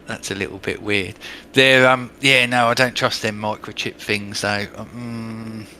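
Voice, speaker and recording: Bright-voiced English man, blunt banter. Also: fairly low pitch, fairly even intonation, a little slow, a little hiss or hum. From England. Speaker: podcast co-host. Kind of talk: casual chat.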